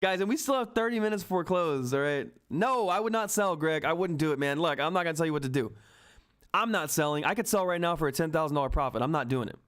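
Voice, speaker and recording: A man runs a live stock market stream, talking to his chat in a slightly higher voice. He sounds hyped and emphatic and keeps repeating his points for emphasis. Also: fast, a bit bright, smooth. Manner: hyped, repetitive, emphatic, swears mildly. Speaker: stock market livestream host. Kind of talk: excited live market commentary to chat viewers. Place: at home.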